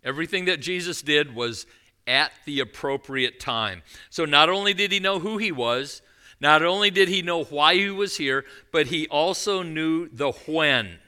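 A man preaching a sermon with a bright, forceful voice that stays smooth and clear. His delivery is conversational, with storytelling asides and quick switches into quoted voices. He sits a little higher than most men. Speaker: pastor.

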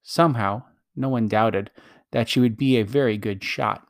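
Male storybook reader, mid pitch, dry close mic, calm measured. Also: no echo. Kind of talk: storybook reading.

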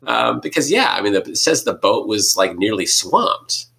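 Low, bright-toned man musing aloud. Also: big pitch swings, moderate pace, gravelly. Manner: thinking aloud, hesitant, restarts, acts out quotes. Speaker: podcast co-host discussing scripture. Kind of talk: casual conversation.

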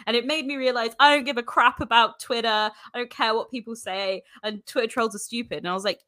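A woman's voice: on the high side, steady tone, fast talker, few pauses, sharp tone, no echo, studio quality. A young woman co-hosting a podcast, chatting casually, teasing and laughing often. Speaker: podcast co-host. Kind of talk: casual chat.

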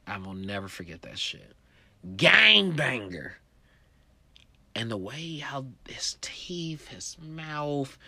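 Animated, profane stand-up storyteller man. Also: medium pitch. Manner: animated and profane, full of "you know" fillers. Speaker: comedian.

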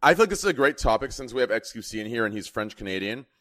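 A man's voice: mid-range voice, expressive, racing, bright, forceful tone. A man in casual chat, hesitant and full of fillers.

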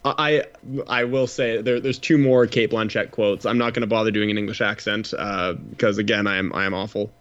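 A man's voice: on the low side, steady tone, a little fast, a bit bright, clear, resonant tone. A man co-hosting a movie podcast, talking casually with a wry, joking manner and some swearing. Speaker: podcast co-host. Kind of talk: casual chat. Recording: slightly dull lo-fi mic.

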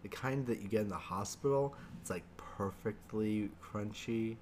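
A man's voice: fairly low pitch, moderate pace, darkish tone, a little hiss or hum. A man co-hosting a casual podcast, dry and contrarian in his teasing. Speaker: podcast co-host.

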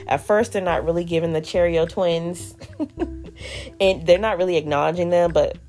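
A woman's voice: fairly low pitch, moderate pace, a little mellow, soft background music. A woman hosting a podcast, recapping an episode in a casual, sassy, slangy way with joking asides. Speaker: podcast host reviewing a reality show.

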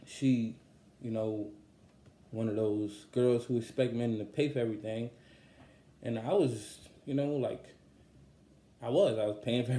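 A man's voice: medium pitch, mellow. A young man who writes songs, telling a personal story in a casual, rambling, candid way with lots of fillers. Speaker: songwriter telling the story behind a song. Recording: roomy echo.

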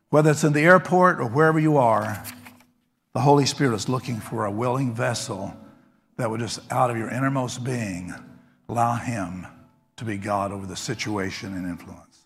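Middle-aged guy preaching, kinda gravelly voice, chatty stories then fired-up prayer, quiet music behind. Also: mid-range voice. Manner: conversational storytelling that rises into fervent prayer. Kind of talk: sermon with storytelling and prayer.

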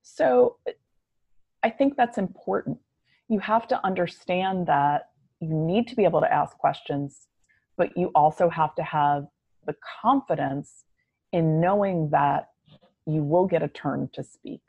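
A woman answering podcast questions in a measured, reflective way. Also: low voice, gravelly, husky, no echo, muffled recording. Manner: measured, reflective, slow delivery. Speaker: podcast guest. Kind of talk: conversational interview answers.

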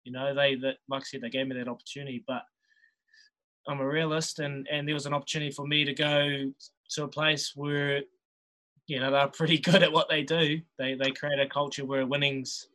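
Laid-back New Zealand man, bright voice. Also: medium pitch, little pitch movement, brisk, low-quality recording. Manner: laid-back, chuckles often, many restarts. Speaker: podcast guest, rugby player. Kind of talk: casual storytelling chat.

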